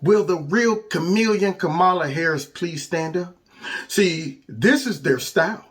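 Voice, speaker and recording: A man's voice: high-pitched, expressive, unhurried, fairly bright tone. A man hosting a political commentary vlog, speaking casually with sarcastic, emphatic jabs and repeated catchphrases. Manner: mocking, sarcastic, emphatic and repetitive; casual, colloquial speech.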